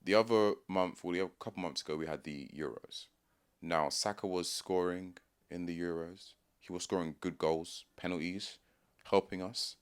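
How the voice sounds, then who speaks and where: A young man with a London accent talks through his views in a loose, unscripted monologue. His voice sits very low, and he often stops, restarts and reworks a sentence as he goes. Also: fairly even intonation, clear, resonant tone. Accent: London English. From London, England. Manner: thinking aloud, restarts and pauses mid-sentence. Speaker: video commentator. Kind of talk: casual opinion monologue.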